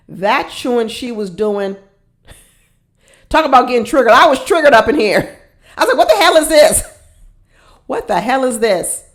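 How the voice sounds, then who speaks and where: A woman hosting a casual reality show recap, blunt and sassy, often repeating her points for emphasis. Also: mid-range voice.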